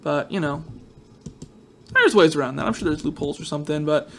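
A man narrates his game session in a loose, chatty way, drifting into jokes and asides to his viewers. His voice sits a touch higher than most men's. There is a slightly groggy, just-woke-up edge to it. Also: a little fast. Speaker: gaming video host. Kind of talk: casual let's-play commentary.

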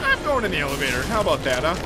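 A man playing a horror game, excitably joking and shouting at the monsters in a let's play commentary. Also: fairly high pitch, very fast, very noisy. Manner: excitable, yelling at enemies, joking. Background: game music and sound effects.

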